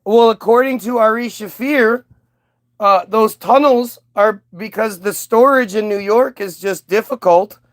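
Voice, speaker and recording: A man's voice: sits high, unhurried, no echo. A man ranting in casual commentary, sarcastic and profane, mocking people as he reacts to clips.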